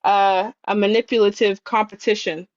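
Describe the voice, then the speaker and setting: A woman's voice: mid-range voice, fairly even intonation, normal speed, no echo, highs cut off. Blunt, profane woman co-host. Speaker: podcast co-host. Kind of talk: casual wrestling chat.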